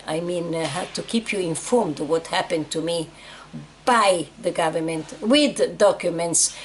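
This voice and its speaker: A woman's voice: lowish voice, slight background noise. A woman in her eighties from Egypt telling her personal story in an emotional, repetitive way. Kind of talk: personal testimony.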